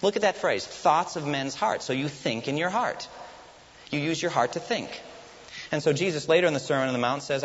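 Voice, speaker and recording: A man preaches a sermon with animated, rising and falling emphasis. He keeps asking the congregation questions and supplying the answers. The recording is muffled and faintly hissy, with a long reverb from a large hall. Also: fairly high pitch, fairly quick. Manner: asks the congregation questions and answers them himself. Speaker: pastor.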